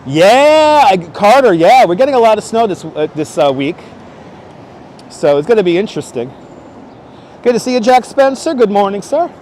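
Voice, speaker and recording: A man's voice: high voice, big pitch swings, moderate pace, long pauses, darkish tone, slight background noise. A man chatting casually with viewers while live-streaming as he walks city streets, greeting them by name and joking. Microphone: wireless clip-on mic.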